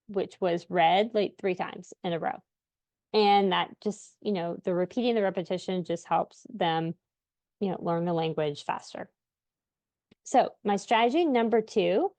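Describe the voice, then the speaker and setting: A chatty woman in her thirties shares tips as a parent, talking casually and laughing often. Her voice sits at an ordinary middle pitch, and the sound is close and dry with no room echo. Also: darkish tone. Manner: chatty, lots of filler words, laughs often. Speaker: parent of deaf children giving tips. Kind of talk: casual instructional talk to camera.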